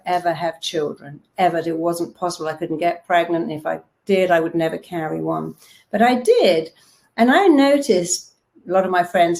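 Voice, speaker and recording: A woman's voice: fairly low pitch, a little mellow. A woman self-help speaker giving a motivational talk, telling stories and acting out the voices of people she quotes, with emphatic repeated words.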